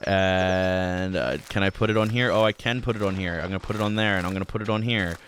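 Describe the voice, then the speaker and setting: A man's voice: deep voice, steady tone, fast, a bit bright, a little hiss or hum. A man hosting a gaming channel, rambling casually through let's-play commentary with many filler words.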